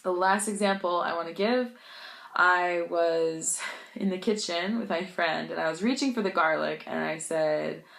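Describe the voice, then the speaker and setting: A woman with a somewhat low voice chats casually to her viewers, telling stories and poking fun at herself. She laughs easily and keeps things light. The room around her is roomy and echoey. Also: normal speed, vocal fry, a bit bright. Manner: chatty, laughs often, self-deprecating. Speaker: language-learning vlogger. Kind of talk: casual storytelling vlog.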